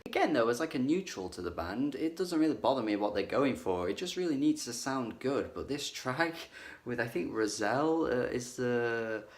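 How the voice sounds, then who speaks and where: A man's voice: medium pitch, animated, normal speed. A man giving a casual spoken album review, blunt and critical, with lots of "like" fillers. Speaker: music reviewer.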